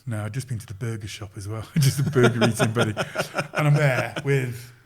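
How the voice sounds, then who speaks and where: A man's voice: mid-range voice, fairly quick, breathy edge. A middle-aged man, a sports coach, telling a story as a podcast guest in a casual way, acting out the quoted lines with chuckles. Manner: lively retelling, acts out quoted lines, chuckles.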